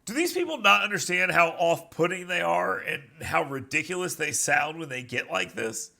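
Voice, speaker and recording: A man's voice: fairly high pitch, animated, normal speed, gravelly, sharp tone. A male talk show host giving sarcastic, mocking opinion commentary.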